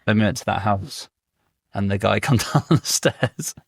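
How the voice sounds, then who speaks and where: Husky, low-voiced man. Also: normal speed, no echo, studio quality. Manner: short agreeing replies, laughs along. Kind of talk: casual podcast chat.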